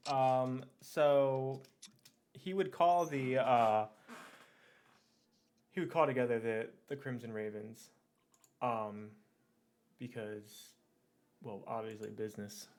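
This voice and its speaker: A man's voice: medium pitch, steady tone, takes it slowly, long pauses, a little mellow. A man playing in a tabletop role-playing game, casual and laughing often. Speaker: player.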